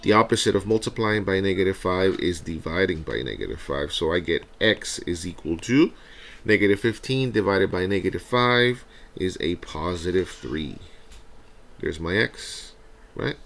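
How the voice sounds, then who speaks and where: A man teaching a recorded math review lesson. He talks through each step out loud and often checks in with a quick "right?". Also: sits low, lively intonation, vocal fry.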